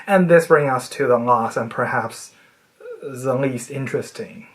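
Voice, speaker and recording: A speaker with a voice at a mid pitch explains language in a casual, self-made video lesson. The delivery is playful and nerdy. It jumps up high on points of emphasis and drops off quietly at the tails of phrases. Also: a little slow, a little hiss or hum. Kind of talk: casual educational monologue.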